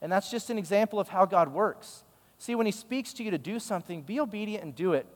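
A man's voice: sits high, lively intonation, fast, big-room sound. A male pastor giving a sermon, telling a story in a conversational, emphatic way.

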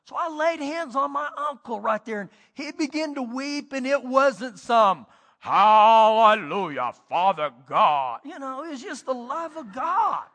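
A middle-aged man preaching a sermon as pastor, telling stories and swinging between loud and hushed delivery. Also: very high-pitched, expressive, moderate pace, few pauses, long reverb tail.

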